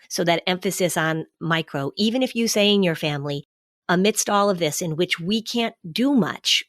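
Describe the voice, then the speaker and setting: A middle-aged woman talks through advice in a steady, explanatory way. Her voice sits a little low. The sound is dry and close to the mic. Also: dry recording. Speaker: podcast co-host giving parenting advice on anxiety. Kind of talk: casual podcast conversation.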